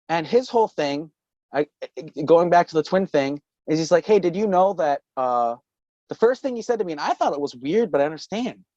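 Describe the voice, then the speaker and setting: A man's voice: on the high side, darkish tone, dry recording. Brief: male guest, rambling casual storyteller, curses freely, dry and dull remote audio. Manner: rambling, profane, laughing often. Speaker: podcast guest.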